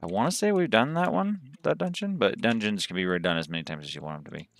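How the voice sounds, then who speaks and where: A man from the southern United States chats and rambles through a livestream as he plays. His voice is on the low side but lively, with a bright, crisp tone. The sound is close and dry. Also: quick pace, few pauses, no echo. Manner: chatty, rambling, thinks aloud while playing. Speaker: game streamer. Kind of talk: gaming livestream commentary.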